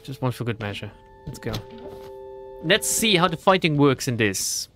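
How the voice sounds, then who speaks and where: A man's voice: medium pitch, very animated, normal speed, music in the background. A man commentating his own horror game playthrough, chatting and reading item text aloud. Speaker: gaming streamer. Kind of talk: let's play commentary.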